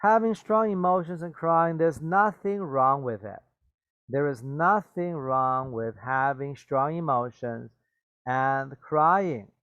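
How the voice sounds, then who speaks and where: Here a man speaks slowly in a slightly high, somewhat bright, smooth voice; the recording has no echo and the highs are cut off. It's a bilingual vocabulary lesson where he repeats and explains English words, glosses them, and checks in with "okay?" and "right?".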